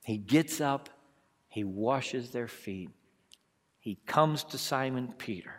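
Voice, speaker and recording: A medium-pitched man preaches a sermon, performing the voices of characters from the story. He swings between hushed, drawn-out lines and loud ones, and his voice trails a long reverb.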